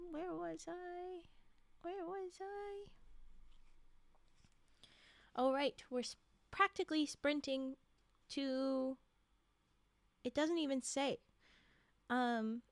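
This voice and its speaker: Woman, high voice, story reading with live commentary, chatty, talks back to characters, dry close sound. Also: darkish tone, dry recording. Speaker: streamer reading aloud.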